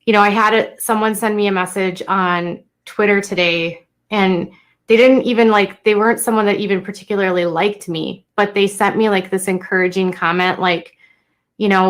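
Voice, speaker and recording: A young woman talks unscripted to her live-stream viewers, halting and emotional, with many fillers and restarts. Her voice is mid-range and steady in tone.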